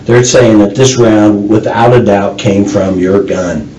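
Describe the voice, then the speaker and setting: A male investigator in a confrontational interrogation, swearing and accusing, sometimes breaking into shouts. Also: lowish voice, steady tone, a little slow. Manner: profane, accusing, bursts into shouting. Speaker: police investigator. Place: interrogation room. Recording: echoey room, mic far off, faint hiss.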